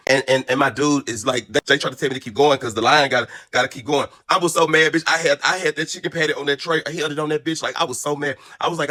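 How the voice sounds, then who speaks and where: A man in his thirties telling a story in a casual, animated way, brassy, profane and dramatic, then calmer and reflective. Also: a little high, fast talker, hardly any pauses. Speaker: storyteller vlogger.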